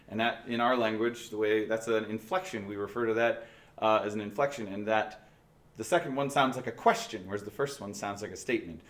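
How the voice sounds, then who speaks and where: A man teaching a remote band lesson, patiently explaining step by step with restarts. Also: on the low side. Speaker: music teacher. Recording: echoey room, faint noise.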